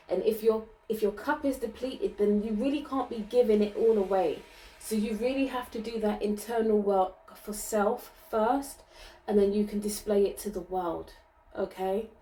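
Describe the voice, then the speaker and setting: A woman giving a channeled card reading, gentle and reassuring, often ending her sentences with "okay?" and laughing lightly. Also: medium pitch, distant mic, low-quality recording. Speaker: spiritual card reader.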